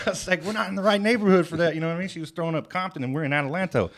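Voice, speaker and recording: A man with a slightly high voice talks rapid-fire as he workshops a stand-up bit in a relaxed comedy writing session. He's animated and profane, yelling out the lines he quotes.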